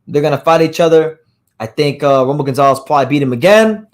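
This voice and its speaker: A boxing podcast host with a slightly high, hoarse-today voice speaks expressively and quickly on his live news stream. Going through fight news, he keeps it loose, doubling back with lots of fillers and false starts.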